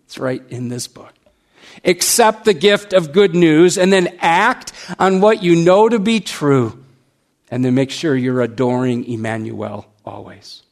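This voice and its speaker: A man preaching a sermon, reciting rhymed verse, then speaking earnestly and leading a quiet prayer. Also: a little high. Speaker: pastor.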